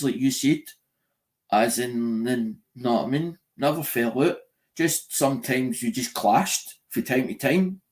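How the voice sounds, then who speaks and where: A man ranting in a live-stream monologue, swearing a lot, repeating himself and restarting his sentences. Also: mid-range voice. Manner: sweary, repetitive, restarts often.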